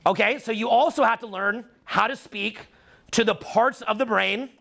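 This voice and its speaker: A man's voice: sits high, normal speed, vocal fry, bright, forceful tone. A middle-aged Canadian man with a Canadian accent giving a live seminar talk, profane and teasing. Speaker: seminar speaker.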